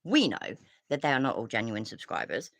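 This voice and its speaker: A woman's voice: very deep voice, sing-song, a little fast, fairly bright tone, no room sound. A woman, ranting casually as a commentary streamer, rambling with restarts, sighs and frequent swearing.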